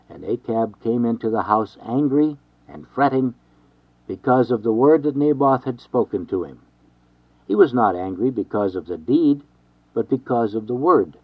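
A man reading an old devotional text aloud in a measured, formal way. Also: medium pitch, animated, slightly rough, no room sound. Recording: dry, dull lo-fi recording.

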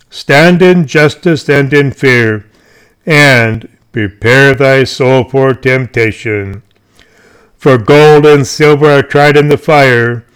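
A man reading an old sermon aloud in a measured, solemn way. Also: mid-range voice, clean tone. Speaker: preacher.

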